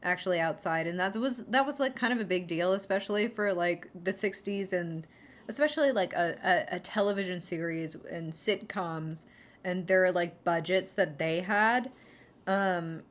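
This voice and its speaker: A woman chatting casually on her livestream in a rambling, sarcastic way, heavy on fillers and restarts. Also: fairly low pitch. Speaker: streamer.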